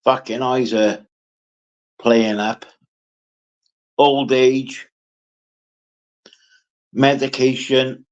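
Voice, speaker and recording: Slow, sweary man chatting on a livestream. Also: mid-range voice, steady tone, dull audio. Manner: slow, sweary, chatty, answering comments by name. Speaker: livestreamer greeting viewers. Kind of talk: casual live chat.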